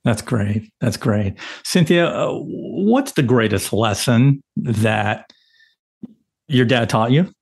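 A man with a husky, slightly breathy voice asks his guest short questions at an unhurried pace. He answers her with brief affirmations before moving on. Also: medium pitch, lively intonation, a little mellow. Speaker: interviewer. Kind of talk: interview questions.

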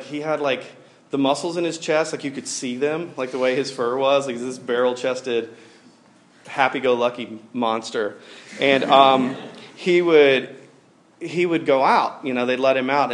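A man in his forties preaching a sermon in a casual, animated way, with lots of fillers as he tells stories. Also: mid-range voice. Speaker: pastor. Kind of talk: conversational sermon.

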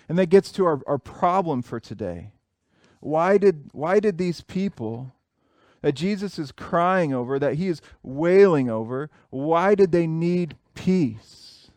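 Earnest young pastor, slightly high voice. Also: male voice, a little mellow, dry recording. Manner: earnest, repeats and restarts phrases for emphasis. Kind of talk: sermon.

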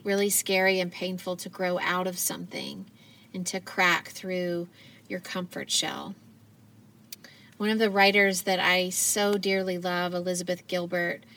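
Earnest, gentle woman host in her thirties, reflective solo episode, voice a touch off-mic. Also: lowish voice, distant mic. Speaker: podcast host. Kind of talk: reflective solo podcast talk.

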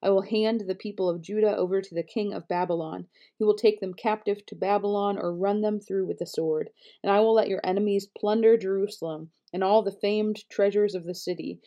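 A woman reading scripture aloud in a measured, steady delivery, now and then correcting a slip. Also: mid-range voice. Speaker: Bible reader.

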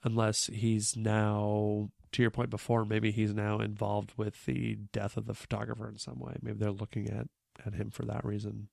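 A man with a low, gravelly voice and plenty of vocal fry talks through a movie plot in casual podcast chat. His delivery is laid-back and loose, with ums and likes. The sound is dry and close. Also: monotone, moderate pace, hardly any pauses, darkish tone, dry recording. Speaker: podcast co-host.

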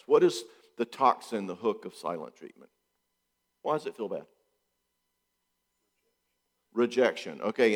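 Recorded with a big-room sound, a middle-aged male psychologist with a medium-pitched voice chats casually about relationships. He animatedly acts out quoted voices, throws out rhetorical questions, and hammers points home by repeating them.

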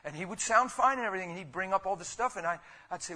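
Animated preacher man with a bright voice. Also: sits high, rapid-fire. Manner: animated, rhetorical, with sudden loud bursts; conversational, calls listeners "man" and "guys". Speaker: pastor. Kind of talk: sermon.

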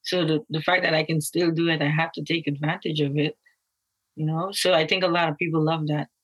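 A young woman from Guyana speaks in a casual, loose interview manner, stacking fillers and restarting her sentences. Her voice sits a little low for a woman. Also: a little fast, poor audio. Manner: casual, many fillers and restarts, quotes others in lively voices. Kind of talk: candid interview talk.

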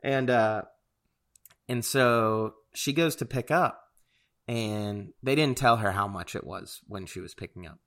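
A man with a fairly low voice tells a loose, meandering story on a casual chat show. He fills pauses with ums and uhs, repeats himself, and often chuckles as he talks. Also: fairly bright tone. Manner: rambling storyteller, many fillers, chuckles often.

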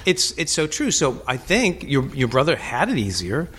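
A man's voice: medium pitch, moderate pace, husky. A man hosting a podcast interview, telling stories animatedly with frequent swearing and stumbling repeats. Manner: animated storyteller, swears freely, repeats words. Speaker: podcast host. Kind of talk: casual interview chat.

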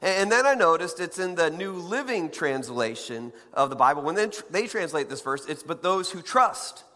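A man's voice: a little high, very animated, moderate pace, sharp tone, long reverb tail. A man preaching a sermon in a conversational way, with playful asides and frequent restarts. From United States. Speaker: pastor.

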